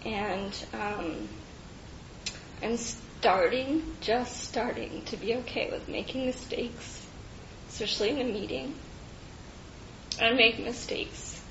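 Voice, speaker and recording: Brief: woman, slow halting speaker, laughs often, dull echoey meeting-room recording. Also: fairly high pitch, fairly bright tone, slight background noise. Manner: halting, with frequent fillers and restarts; laughs often between phrases. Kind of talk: personal share at a recovery meeting.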